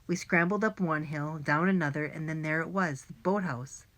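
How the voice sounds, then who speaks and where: A woman narrating a first-person children's audiobook in a lively, plain and clear storytelling manner. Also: low voice, moderate pace.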